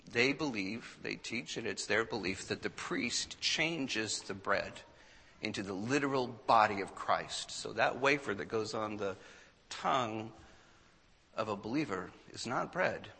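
Forceful preacher in an echoing hall. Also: male voice, fairly low pitch, animated, unhurried, breathy edge. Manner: dramatic reading, swings from hushed to loud. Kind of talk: sermon.

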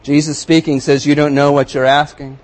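A male pastor preaching a sermon, reading scripture aloud with rising emphasis and then commenting in a quieter, conversational tone. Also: fairly high pitch, little pitch movement, normal speed, poor audio.

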